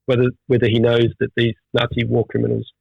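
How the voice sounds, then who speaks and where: A middle-aged Australian man, a veteran firefighter, talking in an animated storytelling way with many restarts in a casual interview. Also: mid-range voice, fast, creaky, no room sound. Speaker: firefighter guest. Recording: dull dry audio.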